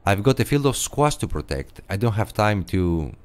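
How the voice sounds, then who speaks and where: A man's voice: on the low side, sing-song, normal speed. A man voicing a grumpy squash farmer in a video game, blunt and impatient. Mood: annoyed. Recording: game audio over loud music.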